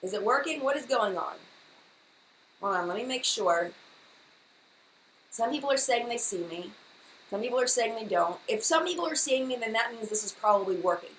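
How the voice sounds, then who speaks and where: Her pitch is a little high and her tone fairly bright as this young adult beauty YouTuber chats casually on a live stream, animated at a normal pace but pausing often. She sounds flustered, talkative, and full of apologies. Echo and faint hiss color the recording.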